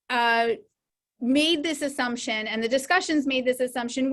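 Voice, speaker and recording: Woman host, high pitch, video-call audio, friendly welcomes then careful, reflective explanation. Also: fairly bright tone. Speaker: host and editor. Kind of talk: hosting an online study celebration.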